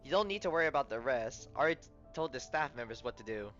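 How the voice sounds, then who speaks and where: A man's voice: mid-range voice, expressive, rapid-fire, lightly acted. A man reading aloud the lines of a poised, courteous female café manager in a game, in a polite, composed manner with small stumbles. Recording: slightly muffled, soft game music behind.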